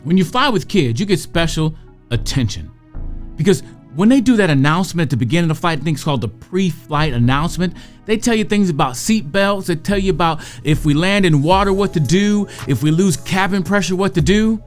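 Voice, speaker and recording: A woman giving a motivational talk to parents and educators, conversational, slowing down to draw out key phrases. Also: lowish voice, expressive, faint music behind.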